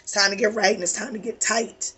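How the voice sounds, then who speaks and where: A woman's voice: medium pitch, steady tone, fairly quick, sharp tone. A woman with a weary voice giving an emphatic, preachy spiritual tarot reading, swearing casually. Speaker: tarot reader.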